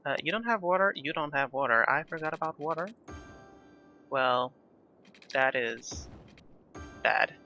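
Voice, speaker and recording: A young man narrates his gameplay in a loose, rambling way, joking at his own expense between moves. His voice is sharp and bright and sits a little high. The recording is a bit muffled, like a basic home mic. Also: expressive, a little slow, long pauses, soft background music. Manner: chatty, self-deprecating, rambling asides. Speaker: gaming YouTuber. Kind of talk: casual gameplay commentary.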